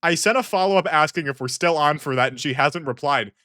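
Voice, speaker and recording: Exasperated, rambling man, bright voice. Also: fairly high pitch, fast, no echo, studio quality. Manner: rambling, exasperated, frequent restarts. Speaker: online commentator. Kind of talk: comedic reaction commentary.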